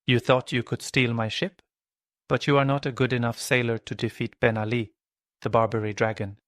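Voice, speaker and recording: A man voicing a boastful, blustering male pirate captain who shouts and gloats. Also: medium pitch, little pitch movement, normal speed, no echo, clean studio sound, close to an everyday voice. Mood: gloating.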